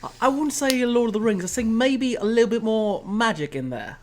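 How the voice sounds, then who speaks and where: A man's voice: extremely high pitch, animated, a little fast, slight background noise, pitched above the performer's own voice. A man putting on a British accent to play a cheeky young bloke in a playful, mock-theatrical way. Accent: put-on British.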